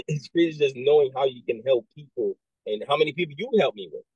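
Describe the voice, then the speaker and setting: Guy recruiter chatting, kinda husky, dry close sound, keeps saying right?. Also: medium pitch, a little fast, no echo, dull audio. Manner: animated storyteller, acts out quoted voices, many restarts and "right?". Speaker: military recruiter. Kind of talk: casual conversation.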